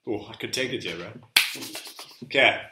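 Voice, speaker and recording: A man's voice: on the low side, moderate pace, echoey room, very noisy. A man co-hosting a football podcast, guessing quotes in a bantering, laughing quiz chat. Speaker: podcast co-host.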